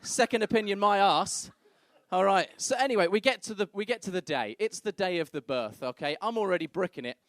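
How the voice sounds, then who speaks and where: A man's voice: high-pitched, expressive, fast talker, few pauses, a bit bright, dry recording. A young man telling crude stories on a comedy club stage, acting out the people in them. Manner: brash, crude storytelling, acts out other people's voices. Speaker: stand-up comedian. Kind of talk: stand-up comedy set.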